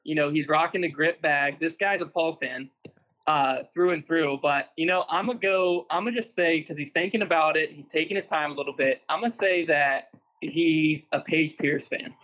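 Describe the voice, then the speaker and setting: Laid-back guest guy, kinda high voice, muffled call audio. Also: normal speed, a bit bright. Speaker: podcast guest. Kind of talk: casual chat.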